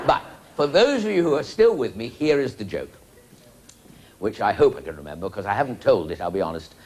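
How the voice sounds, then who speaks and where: A man's voice: sits low, a little mellow. Rambling joke-telling man. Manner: rambling, chuckling asides. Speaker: comedian.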